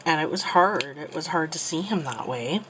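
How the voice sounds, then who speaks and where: A woman in her thirties telling a personal story while crafting, soft and halting with many pauses, becoming tearful. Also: sits low, expressive, slight background noise, rough recording. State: tearful, getting emotional. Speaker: crafting channel host.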